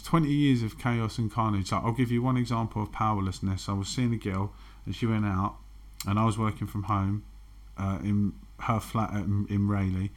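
A man's voice: on the low side, fairly even intonation, unhurried. A man, frankly telling his own recovery story and swearing freely. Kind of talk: candid personal testimony.

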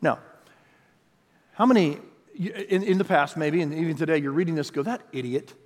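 A man preaching a sermon as pastor, lively and conversational, acting out quoted voices. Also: on the high side, moderate pace, long reverb tail. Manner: animated, acts out quotes in voices.

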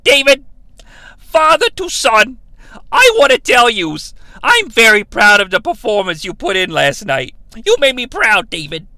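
A man doing an impression of a brash, loud male wrestling promoter from New York who rants and shouts. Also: sits high, sing-song, a little slow, no echo, full character voice, low-quality recording. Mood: ranting. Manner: ranting and shouting, self-pitying bluster.

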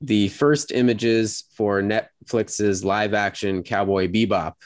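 A man with a low, smooth, resonant voice hosts a relaxed podcast conversation. He talks in an animated way and slips into mocking voices when he retells what others said. The sound is dry and close. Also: takes it slowly, dry recording. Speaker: podcast host. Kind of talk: casual chat.

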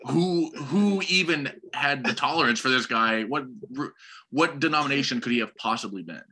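Sardonic, rambling man with a forceful voice. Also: medium pitch, moderate pace. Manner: rambling, sardonic, opinionated, lots of fillers. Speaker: podcast co-host. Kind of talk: casual chat reviewing movie trailers.

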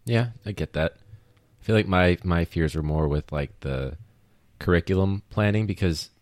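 A young man hosting a casual podcast, rambling with lots of fillers and quick laughs. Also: low-pitched, a little mellow, dry recording. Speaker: podcast host, teacher.

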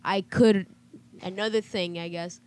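A woman hosting a casual chat, asking quick follow-up questions and telling her own story. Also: mid-range voice, steady tone, a little mellow. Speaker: host.

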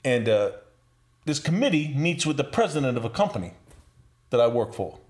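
A man as a podcast guest, telling a story in an animated, profane way and laughing as he goes. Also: medium pitch, moderate pace. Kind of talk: casual storytelling.

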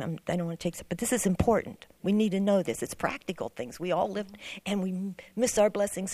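A middle-aged woman with a fairly low, slightly mellow voice tells her personal testimony to a church class. Her storytelling is earnest but rambling, with restarts, and the recording has no echo.

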